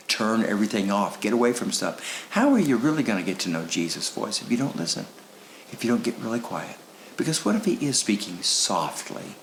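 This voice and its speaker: A man's voice: fairly low pitch, gravelly, reverberant, a little hiss or hum, poor audio. A male pastor preaching a sermon in a conversational way, asking rhetorical questions. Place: church sanctuary.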